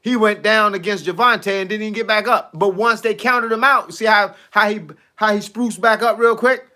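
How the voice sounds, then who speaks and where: A man who coaches fitness and boxing, chatting casually on a live stream into a phone, animated and slangy, laughing often. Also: high voice, normal speed.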